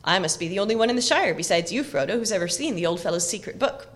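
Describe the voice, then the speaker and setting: A woman voicing a clever, loyal young male hobbit in an audiobook reading, brisk and confiding. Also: medium pitch, expressive, close to an everyday voice.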